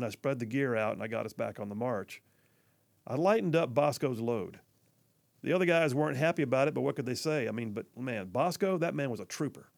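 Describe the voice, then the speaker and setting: A man's voice: mid-range voice, creaky, darkish tone, dry recording. A man hosting a news talk show who tells a personal story in a folksy, earnest way and speaks directly to his listeners. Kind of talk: storytelling monologue.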